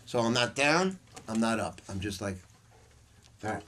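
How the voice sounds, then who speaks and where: A man's voice: lowish voice, sing-song, unhurried, fairly bright tone. Older guy giving a sax masterclass, loose and blunt, some faint hiss. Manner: loose and blunt, with slang and swearing. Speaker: saxophone teacher leading a masterclass. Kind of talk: informal masterclass teaching. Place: music store room with students.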